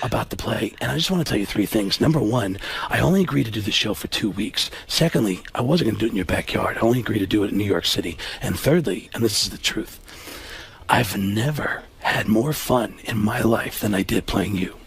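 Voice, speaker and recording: A male comedian impersonating a middle-aged actor, speaking low in a confiding, earnest hush. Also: lively intonation, fairly quick, gravelly.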